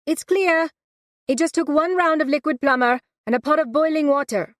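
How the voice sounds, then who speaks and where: A woman voicing a brisk, matter-of-fact aunt in an audiobook, pitched up and projected. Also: very animated, a little mellow, no echo, studio quality.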